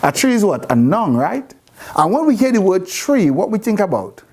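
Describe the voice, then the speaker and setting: A woman's voice: mid-range voice, very animated, moderate pace, darkish tone. A woman teaching a Bible class, repeating phrases and quizzing her students with questions. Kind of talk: interactive scripture class.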